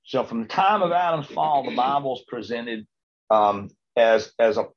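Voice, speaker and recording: A man's voice: mid-range voice, measured pace. A man teaching an informal Bible class, rambling with frequent stammered restarts and checking in with his listeners. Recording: dull lo-fi recording.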